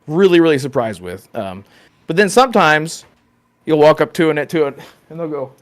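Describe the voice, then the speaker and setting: Animated, laughing man chatting. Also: on the high side, moderate pace. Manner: animated, laughs often, many restarts. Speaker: podcast co-host. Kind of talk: casual chat.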